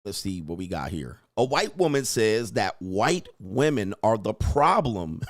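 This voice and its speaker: A man's voice: lowish voice, very animated, unhurried, dry recording, clean studio sound. Profane man chatting on a livestream. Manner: profane, joking, reads chat aloud. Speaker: livestream host and dating coach. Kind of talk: casual livestream commentary.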